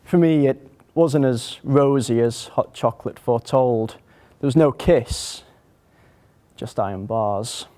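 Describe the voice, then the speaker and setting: A young actor performing a comic monologue as a wry, sardonic male rescue dog, with dry, deadpan storytelling. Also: mid-range voice, slow, close to an everyday voice.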